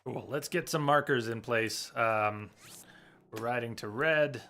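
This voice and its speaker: A man's voice: mid-range voice, a little slow, pushed and bright, slight background noise. A man giving chatty live commentary while streaming a game, talking to his viewers and coaxing his in-game horse. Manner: chatty, talks to chat and coaxes his horse.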